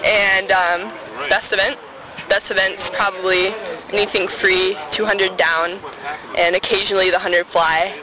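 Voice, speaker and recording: A woman's voice: mid-range voice, steady tone, unhurried, rough recording. An eighteen-year-old woman swimmer introducing herself casually, with hesitations and fillers. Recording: crowd noise behind.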